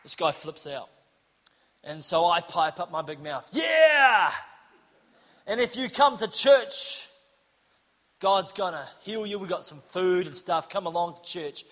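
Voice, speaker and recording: A man preaching a sermon, telling a story and acting out the dialogue, shouting at the high points. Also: measured pace, long reverb tail. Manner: animated, acts out dialogue, shouts for emphasis.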